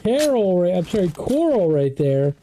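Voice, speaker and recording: An esports caster doing play-by-play commentary, chatty and excitable, with the voice jumping up on every knockdown. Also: normal speed, very noisy. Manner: excitable, pitch jumps on knockdowns; chatty asides about the broadcast controls.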